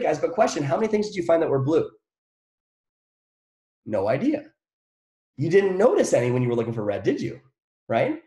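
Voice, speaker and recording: Energetic man giving a motivational talk. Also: a little high, reverberant. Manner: energetic, repeats phrases, asks the crowd questions. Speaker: motivational speaker. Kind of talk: live motivational talk to an audience. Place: room with an audience.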